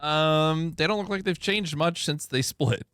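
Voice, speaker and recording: A man's voice: fairly high pitch, unhurried, fairly bright tone, smooth, no echo, soft background music. Laid-back male game master. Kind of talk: running a tabletop game.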